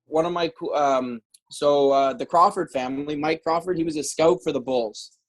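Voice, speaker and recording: A man's voice: fairly high pitch, normal speed, rough recording. A middle-aged man from Canada, a former hockey player telling stories on a podcast in a rambling way, with many restarts. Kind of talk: casual storytelling.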